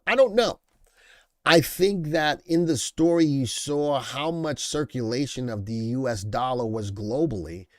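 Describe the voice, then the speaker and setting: A man hosts a casual live stock market stream in an easy conversational voice that sits at a middle pitch. He reads headlines, riffs on them and calls out viewers in the chat by name. The sound is close and dry, with no room around it. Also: a little mellow, no echo. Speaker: livestream market show host.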